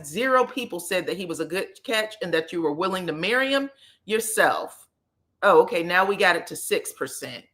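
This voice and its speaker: A woman's voice: mid-range voice, pushed and bright. A woman talking bluntly and with sass in a casual recap, dropping in quoted lines in shifted voices. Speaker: recap commentator.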